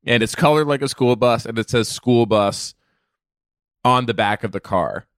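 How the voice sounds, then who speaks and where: A man's voice: medium pitch, moderate pace, clean tone, no room sound, clean studio sound. A man co-hosting a comedy podcast, rambling as he riffs on absurd ideas in improvised banter. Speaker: podcast co-host.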